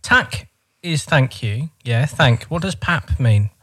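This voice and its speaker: A man's voice: medium pitch, expressive, slow pace, pushed and bright, breathy edge, dry recording, clean studio sound. A man co-hosting a comedic podcast, curious and bemused as he asks about words. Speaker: podcast co-host. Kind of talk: playful comedic chat.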